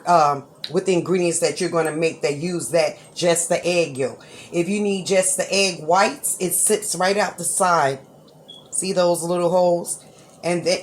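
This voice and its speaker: In her home kitchen, a woman runs through a recipe for her cooking channel in a relaxed, chatty way, frequently asking "right?" and "okay?" She laughs readily and sometimes speeds up. Her voice is lowish, and there's a little hiss or hum.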